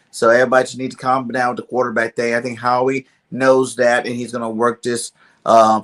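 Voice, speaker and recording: A man's voice: mid-range voice, fairly bright tone. A man co-hosting a casual sports podcast, firm and matter-of-fact. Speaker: podcast co-host.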